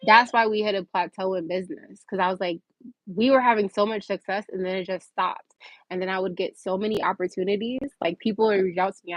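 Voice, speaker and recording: A woman's voice: on the low side, dry recording, dull audio. Candid woman chatting on a livestream. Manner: candid, animated storytelling, reads viewer comments. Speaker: livestream host. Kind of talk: casual livestream chat.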